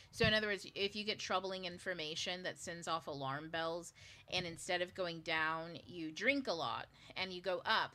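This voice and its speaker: A woman talks through spiritual ideas for her book club, loose and chatty, scattering fillers and the occasional curse. Her voice sits a little low yet rings very bright and forward. She teaches in an informal, conversational flow rather than a polished script. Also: fairly quick. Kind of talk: casual spiritual teaching talk.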